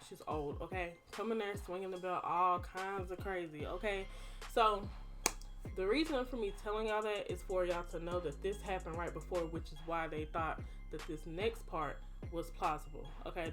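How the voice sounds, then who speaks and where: A young woman, telling a personal story to her viewers in a chatty, dramatic way. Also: lowish voice. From Texas. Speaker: vlogger. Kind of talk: casual storytime.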